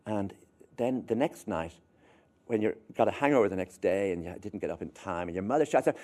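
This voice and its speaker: A man with an Irish accent giving a public lecture as an author, telling wry, halting stories. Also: on the low side, animated, a little mellow. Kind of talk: anecdotal lecture.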